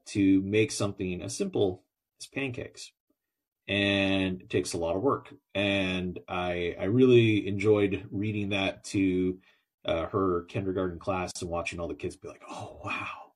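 Lower-voiced man with a bright edge. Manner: rambling, acts out characters while retelling. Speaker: podcast host. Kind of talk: solo podcast talk about children's books.

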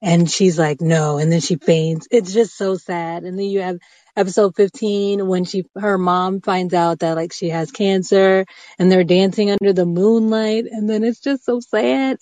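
A woman calls in to chat, gushing with quick laughs and gasps, her voice sounding dry and close, with no room around it. She talks from inside a closet. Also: mid-range voice, fairly even intonation, warm tone, no room sound. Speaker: caller. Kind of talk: casual chat. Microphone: phone app call.

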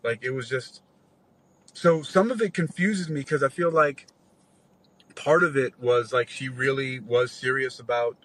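A man in his forties tells a long story in casual chat, rambling and swearing as he acts out other people's lines with animated quoted dialogue. His mid-range voice is unhurried, and the audio is poor.

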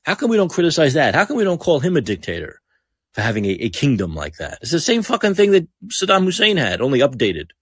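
A man's voice: fairly high pitch, wildly swooping pitch, fast talker, slightly rough, dry recording, studio quality. A man hosting a podcast, delivering blunt, heated political commentary, swearing freely and repeating phrases for emphasis. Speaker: podcast host.

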